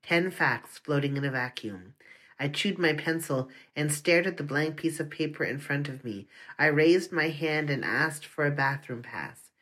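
An earnest audiobook narrator reading a first-person story in a confessional tone. The pitch sits in the middle range. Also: measured pace, fairly bright tone.

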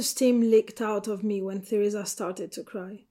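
A woman narrating a novel in the first person, quiet, measured and sorrowful. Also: mid-range voice, fairly even intonation. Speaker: audiobook narrator.

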